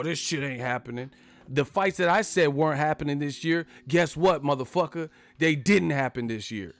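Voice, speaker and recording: A man hosting a casual live boxing chat, brash and profane, talking with frequent laughs. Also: on the high side. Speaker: boxing channel host. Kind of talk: casual live-stream commentary.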